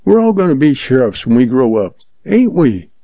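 A man puts on a wide-eyed young boy, pitched up high and bubbling with admiration. The voice comes through husky and a little muffled, like an old storybook recording. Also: moderate pace, no echo. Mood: eager. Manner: admiring, excited.

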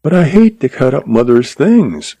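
A man's voice: medium pitch, sing-song, normal speed, warm tone, slightly rough, no room sound, voice pushed up. A man voicing a timid eighteen-year-old girl who speaks on the verge of tears. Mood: pleading. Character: timid young woman of eighteen.

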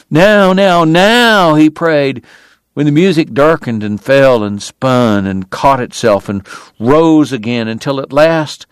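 A man's voice: mid-range voice, dry recording. A man narrating an audiobook in a lyrical, dramatic style that builds in intensity.

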